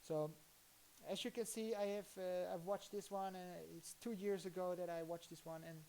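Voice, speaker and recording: A woman with a Dutch accent, from the Netherlands, talks casually on her live stream while working on a computer. Her voice is mellow, fairly low and fairly even in intonation, with slight background noise. She rambles and thinks aloud, often stopping and restarting.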